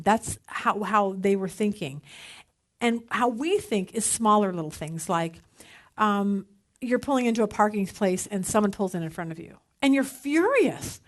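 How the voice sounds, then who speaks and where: A middle-aged woman teaching a women's Bible study in a casual, animated way, acting out the voices in her stories. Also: medium pitch, moderate pace.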